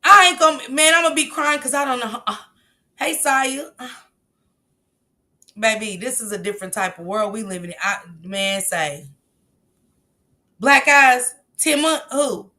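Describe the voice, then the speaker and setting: A woman hosting a casual livestream, reacting emphatically to viewer comments, blunt and quick to laugh. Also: a little high, expressive, bright, forceful tone. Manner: laughs often, blunt and profane. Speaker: livestream host reading viewer chat.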